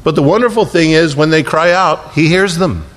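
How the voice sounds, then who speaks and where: A man's voice: on the high side, moderate pace, a bit bright. A man preaching a sermon as pastor, telling the story with humor and acting out the voices of the people in it.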